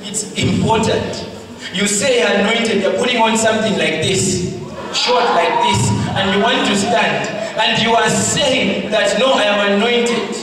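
Fervent high-voiced preacher in an echoing hall. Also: male voice, unhurried, a crowd in the background. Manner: fervent, swings from shouted rebukes to hushed storytelling. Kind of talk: sermon. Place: large hall. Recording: echoey hall, mic far off, faint ambience.

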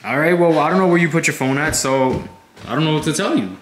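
A man's voice: on the high side, lively intonation, fast talker, crowd noise. A man filming a casual prank vlog at home, whispering conspiratorial asides to the camera and teasing his girlfriend with mock innocence. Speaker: vlog host, prankster boyfriend. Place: home kitchen and living room. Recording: echoey room with background noise.

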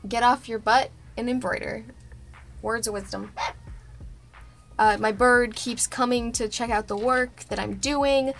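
A woman vlogging casually about a craft project, playful and excitable, joking to the camera. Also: fairly high pitch, slow, long pauses, faint music behind.

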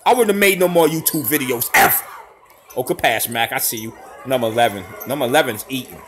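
A man doing casual, slangy live reaction commentary over basketball highlights, hollering and laughing at big plays. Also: fast talker, fairly bright tone.

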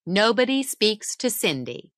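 A woman narrates a simple story for English learners at an unhurried, deliberate pace. Her voice is bright and her tone lively, rising and falling through the lines. The recording is close and dry. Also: medium pitch, dry recording. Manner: slow, careful reading with acted dialogue. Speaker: narrator reading a graded story.

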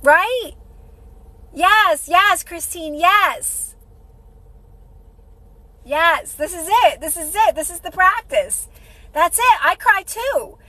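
A woman's voice: very high voice, animated, takes it slowly, long pauses, pushed and bright, no room sound, rough recording. A woman hosting a casual motivational livestream, repeating herself encouragingly and greeting viewers by name. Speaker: livestream host.

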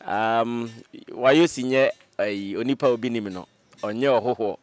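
A man's voice: medium pitch, a little slow. Ghanaian male host asking questions. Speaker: host, interviewer. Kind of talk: interview questions and address to viewers. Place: outdoor location away from the studio.

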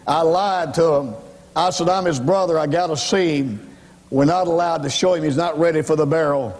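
An older evangelist tells his own testimony in a folksy, storytelling way. His voice sits a little high for a man. It rings out with a long reverb, as if recorded in a large church hall. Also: moderate pace, a little mellow. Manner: folksy storytelling, rising to impassioned cries. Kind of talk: testimony sermon.

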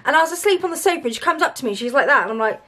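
A woman's voice: high voice, animated, rapid-fire, sharp tone, no room sound. A woman vlogging as a mother, chatting casually, swearing freely and laughing often. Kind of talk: casual vlog chat.

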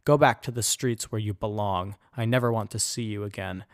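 A man voicing a proud, heartbroken young woman in a measured storybook reading. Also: on the low side, no room sound, studio quality, lightly acted. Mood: cold defiance.

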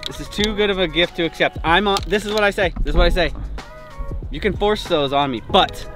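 A man's voice: high voice, a little fast, over music. A man playing as the amateur in a golf match, nervous and laughing in disbelief as he bantering casually outdoors.

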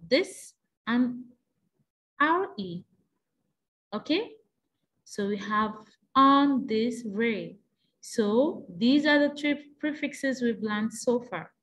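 A woman teacher taking young pupils through an exam revision lesson, asking patient prompting questions in a sing-song way. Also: fairly high pitch.

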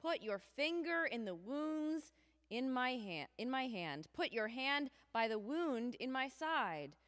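A woman reading aloud the words of a calm, gentle grown man in a children's story, slow and reassuring. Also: high-pitched, full character voice. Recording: long church reverb.

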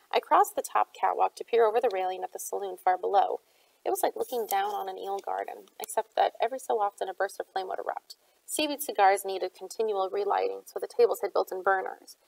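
Brief: female audiobook narrator, gravelly tone, dry close sound. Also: mid-range voice, no echo, rough recording. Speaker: audiobook reader.

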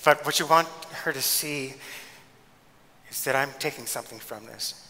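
A man lecturing in a big hall with a long echo. His voice is bright and forceful, and he talks in an animated, emphatic way, acting out the people in his stories. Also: mid-range voice, moderate pace. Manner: animated, emphatic, acts out quoted speech. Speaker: guest lecturer and pastor. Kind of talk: lecture with storytelling.

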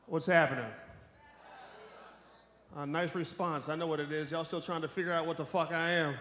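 A man from Washington, D.C., doing stand-up comedy, profane and animated, often shouting. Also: on the high side, normal speed, noisy background. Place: comedy stage. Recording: echoey hall, live stage.

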